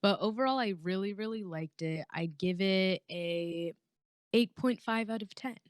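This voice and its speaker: A woman's voice: mid-range voice, a little slow, smooth, no room sound, clean studio sound. A young woman co-hosting a casual podcast, upbeat and full of fillers. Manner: upbeat, laughing, filler-heavy. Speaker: podcast co-host.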